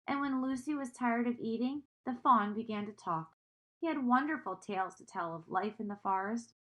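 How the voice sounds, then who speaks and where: A woman reading a children's storybook aloud, gently stopping to explain words and ask her listeners questions. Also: fairly high pitch, moderate pace.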